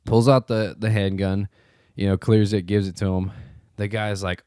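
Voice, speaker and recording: A man with a very low voice tells a long, rambling story on a podcast, slipping into quoted dialogue and stopping for fillers. The sound is dry and close. His manner is relaxed, casual chat. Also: moderate pace, clean tone, no echo. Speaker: podcast co-host.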